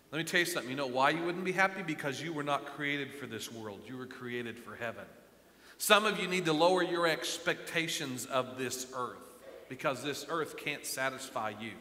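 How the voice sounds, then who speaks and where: A middle-aged male pastor preaching a sermon with passion, moving from quiet remarks to loud emphatic lines. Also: fairly high pitch, expressive, brisk. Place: church sanctuary. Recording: echoey church hall.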